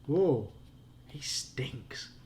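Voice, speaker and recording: A man with a Yorkshire accent voicing a stubborn, squeamish young boy in a storybook reading, whiny and shrill. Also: lively intonation, very slow, a little mellow, a little hiss or hum.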